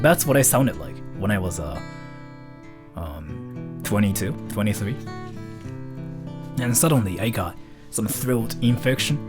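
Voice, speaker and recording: A man in his twenties talking casually to camera, rambling and mocking himself. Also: fairly low pitch. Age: 20s. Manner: rambling, joking, self-mocking. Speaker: vlogger.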